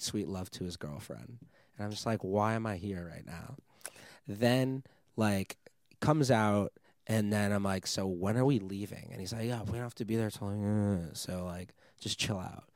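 A young man, a DJ guest, telling a wild story in casual chat, animated and swearing often, laughing as he goes. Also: fairly low pitch, a little slow, no room sound, studio quality.

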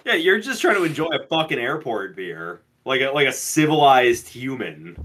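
A man co-hosting a podcast in casual banter, reacting to a story with loud, joking outbursts. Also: mid-range voice, very animated, normal speed, a little hiss or hum. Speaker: podcast co-host.

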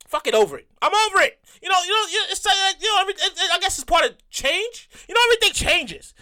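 A man rambling through a comic monologue, excitable and repeating himself as he rants. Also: extremely high pitch, quick pace. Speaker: comedian.

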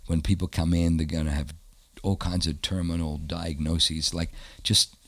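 A middle-aged Australian pastor telling stories in a casual interview, animated and acting out the voices of people he quotes. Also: deep voice, normal speed, no room sound.

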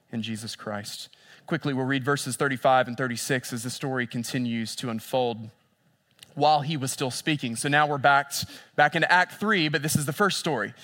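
Preaching with a medium-pitched voice, this pastor alternates lively stories with quiet, intense passages and drives points home by repeating phrases.

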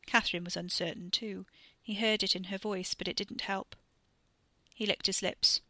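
A woman narrating a serialized audiobook story in a measured, literary way. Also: mid-range voice, fairly even intonation, sharp tone, dry recording. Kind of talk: scripted narration.

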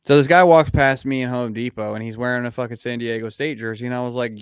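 A man's voice: mid-range voice, fast talker, few pauses, clean tone, dry recording, clean studio sound. A young adult man hosting a podcast in casual chat, telling profane stories and acting out what people said. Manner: animated storyteller who acts out quotes. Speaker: podcast host.

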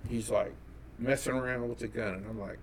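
A man from California telling a personal story as an interview guest, animated and acting out the dialogue. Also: medium pitch, brisk, slight background noise. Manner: animated, acts out quoted dialogue.

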